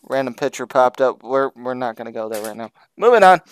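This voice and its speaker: A man co-hosting a comedy podcast, joking and throwing in loud shouted bits. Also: mid-range voice, animated, brisk, smooth. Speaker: podcast co-host. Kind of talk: casual comedic podcast banter.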